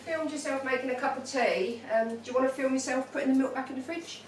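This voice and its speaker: A woman's voice: high-pitched, fast. A woman teasing and chatting casually with her family. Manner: teasing, laughing. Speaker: family member. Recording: distant, echoey, noisy.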